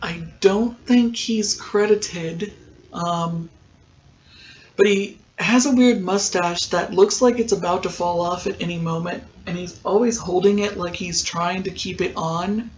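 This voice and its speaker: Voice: mid-range voice, unhurried, a little hiss or hum. A podcast host giving a casual, rambling recap of a TV episode, full of ums and likes. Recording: dull lo-fi sound.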